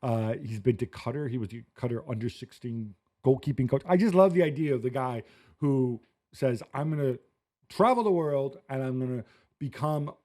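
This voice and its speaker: A man's voice: mid-range voice, moderate pace, a little mellow. A man talking football as an analyst on a sports panel, thoughtful and hesitant, with many fillers.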